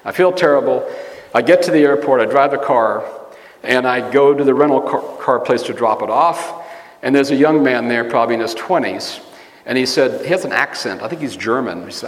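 The same kind of sermon comes from a man with an animated, mid-range voice speaking fairly quickly. He tells meandering personal stories and fixes his own wording as he goes, all within a hall that echoes with long reverb.

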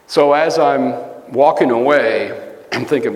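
A man's voice: medium pitch, unhurried, darkish tone. A man giving a conversational sermon, telling rambling personal stories and correcting himself as he goes. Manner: storytelling, rambling, self-correcting. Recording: echoey hall with long reverb.

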